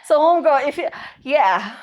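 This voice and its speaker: A woman's voice: high voice, lively intonation, moderate pace. A young adult woman, co-hosting a casual chat, telling stories expressively and mixing Swahili slang into English. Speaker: podcast co-host.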